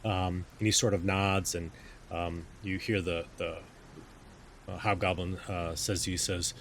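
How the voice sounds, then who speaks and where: Male GM, deep voice, halting, filler-heavy narration of a tabletop game. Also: level tone, a bit bright, slight background noise. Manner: hesitant, many ums and restarts. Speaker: game master.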